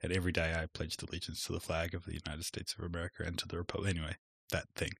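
A man co-hosting a podcast, chatting casually about tech and often trailing off softly at the ends of phrases. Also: low-pitched, monotone, racing, creaky, breathy edge, no echo, clean studio sound. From Australia. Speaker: podcast co-host. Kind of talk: casual chat.

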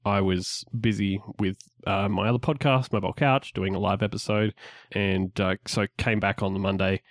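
A man's voice: lowish voice, steady tone, normal speed, no echo, clean studio sound. A man co-hosting a casual geek podcast, opening in an upbeat way, then rambling with many restarts. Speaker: podcast co-host.

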